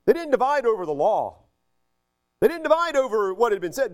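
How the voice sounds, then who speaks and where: A man preaching a conversational sermon as a pastor, teaching with many fillers and asides, dropping his voice low for jokes. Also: very animated, a little fast. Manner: wide swings in pitch, drops low for jokes and asides.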